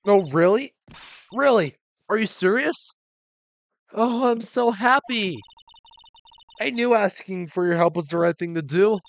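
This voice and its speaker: A man's voice: high voice, unhurried, gravelly, pauses often, pitched above the performer's own voice. A man voicing a dramatic, devoted wife in a game, with a theatrical, swooning manner. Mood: overjoyed. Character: gushing devoted middle-aged wife, dramatic, easily offended.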